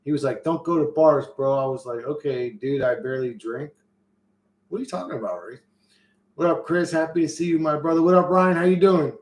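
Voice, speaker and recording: A man's voice: fairly high pitch, brisk. A man hosting a stream, telling a rambling story in loose, profane street slang with many restarts and reading out chat comments. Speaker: livestream host reading chat. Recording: roomy echo.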